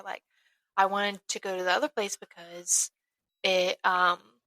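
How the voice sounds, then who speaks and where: A woman's voice: medium pitch, little pitch movement, a little slow, pushed and bright, no room sound. A young woman from Arkansas, a podcast guest, chatting in an easygoing way with many ums. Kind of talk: casual chat.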